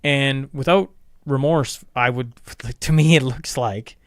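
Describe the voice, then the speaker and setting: A man's voice: medium pitch, slow pace, no echo. Earnest, supportive man host. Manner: earnest, supportive, stumbling restarts. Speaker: podcast host. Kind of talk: interview conversation. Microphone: studio microphone.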